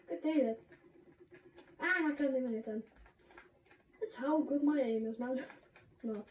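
A woman streaming a game, chatting excitably with sudden shouts and laughs. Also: fairly high pitch, measured pace, pauses often. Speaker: gamer streaming a match. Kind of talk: excited gaming commentary. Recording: roomy, distant, dull lo-fi sound with faint noise.

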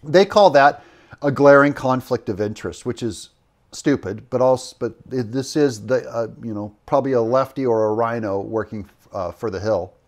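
A man's voice: mid-range voice, normal speed. A man talking through politics in a loose, rambling way, full of fillers, restarts and corrections. His voice sits in an ordinary middle register. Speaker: political commentator in a played clip. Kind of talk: opinionated political commentary.

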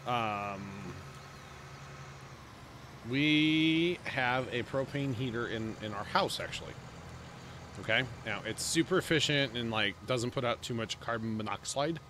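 A man hosts a gaming livestream, talking in a loose, rambling way as he chats with friends and thanks his viewers. His voice sits at an ordinary middle pitch. A faint hiss runs underneath. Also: expressive, a little slow. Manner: rambling, chatty, thanks subscribers. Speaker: streamer host. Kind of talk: casual livestream chat.

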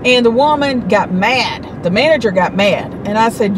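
Middle-aged woman vlogger, higher voice, chatty indignant storyteller, traffic noise behind. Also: expressive. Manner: chatty, indignant, drawn-out telling. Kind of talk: casual storytelling.

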